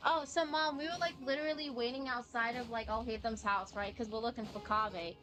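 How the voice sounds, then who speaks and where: A woman's voice: a little high, fairly even intonation, a little fast, fairly bright tone. A young woman streamer giving casual, reactive commentary while playing a game, swearing and laughing at the story. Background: faint game music.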